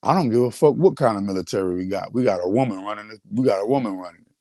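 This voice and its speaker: A man's voice: on the low side, racing, darkish tone, no room sound, clean studio sound. Boastful man ranting on a livestream. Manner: boastful, repetitive, restarts often. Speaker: host. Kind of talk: livestream rant.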